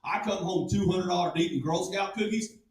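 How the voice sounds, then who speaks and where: A man's voice: sits high, brisk. A man in his forties doing a crude, brash stand-up comedy set with drawled Southern slang, performing on a casino stage. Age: 40s. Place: casino stage before a live audience. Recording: echoey room with live crowd, mic heard from a distance.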